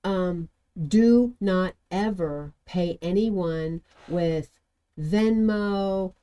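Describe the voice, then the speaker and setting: A woman's voice: on the low side, drawn-out words, mellow, clean tone. A woman guest in a casual talk, earnest and prone to digressions while giving warnings. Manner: earnest, digresses, warns listeners seriously. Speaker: guest, medical compliance worker. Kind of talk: casual chat.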